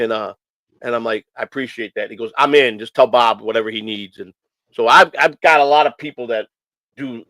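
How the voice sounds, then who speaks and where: A man's voice: medium pitch, fairly quick, fairly bright tone, no echo, poor audio. A man hosting a casual morning stream show, rambling earnestly with many repeats and restarts. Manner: earnest and emotional.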